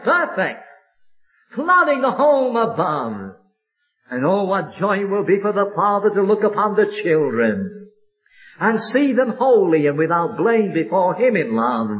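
A man preaching a sermon with fervent, drawn-out emphatic phrases, from an old recording. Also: sits high, lo-fi sound.

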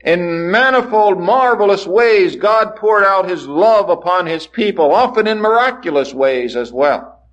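A man preaching a sermon, swinging from soaring lines to hushed ones and acting out the voices he quotes. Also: sits high, lively intonation, a little slow, muffled recording. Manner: dramatic rises and hushed drops, acts out quoted voices.

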